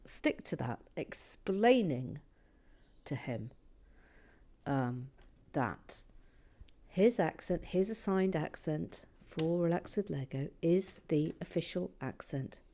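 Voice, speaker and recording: A woman's voice: fairly low pitch, animated, takes it slowly, mellow. A woman hosting a Lego build vlog, chatting casually and muttering or whispering to herself as she concentrates.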